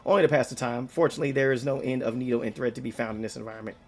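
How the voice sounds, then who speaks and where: A man's voice: mid-range voice, a little mellow, faint music behind, natural voice. Man doing a grave, ornate noble artisan. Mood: warm. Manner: measured, formal, ornate speech. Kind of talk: reading game dialogue aloud.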